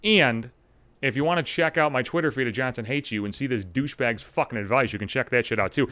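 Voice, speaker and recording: A man's voice: medium pitch, lively intonation, fast talker, bright, forceful tone, dry recording. A middle-aged man delivering an angry, sarcastic, heavily profane podcast rant. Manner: angry, sarcastic, heavy swearing. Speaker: podcast host. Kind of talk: profane ranting monologue.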